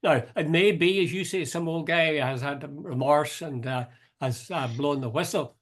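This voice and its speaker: A man's voice: fairly high pitch, moderate pace. An older man, hosting a casual political chat, wry and questioning, thinking aloud with frequent restarts. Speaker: host.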